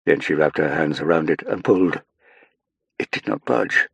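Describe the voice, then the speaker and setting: Very deep husky male narrator. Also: moderate pace, dry recording, lo-fi sound. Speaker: audiobook narrator. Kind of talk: scripted narration.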